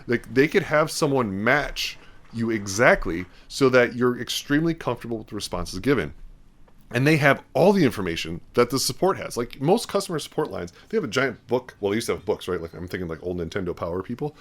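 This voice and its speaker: A man's voice: mid-range voice, sing-song, a little fast, a bit bright. A man hosting a podcast, talking in a casual, rambling way and acting out bits of quoted dialogue. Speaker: podcast host. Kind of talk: casual talk.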